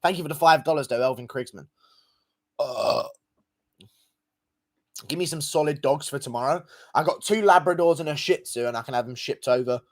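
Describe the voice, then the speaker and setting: A man's voice: mid-range voice, moderate pace, long pauses. A young man livestreaming, reading out donations in crude, profane, mocking banter. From England. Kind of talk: casual live-stream chat.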